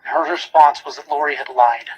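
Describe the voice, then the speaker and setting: Husky-voiced man arguing before a jury. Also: a little high, moderate pace, rough recording. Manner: emphatic, repeats key phrases, rhetorical questions. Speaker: prosecutor. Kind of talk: courtroom closing argument. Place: courtroom.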